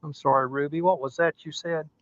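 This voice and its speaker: Here the woodturning host talks fairly quickly in a fairly high voice with fairly even intonation, chatting and thinking aloud at the lathe in his home workshop during a casual livestream. The recording comes across dry, dull and lo-fi.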